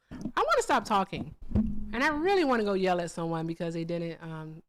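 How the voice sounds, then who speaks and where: Brief: woman host of a casual live stream, laid-back and rambling, mid pitch. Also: very animated, a little fast, a bit bright.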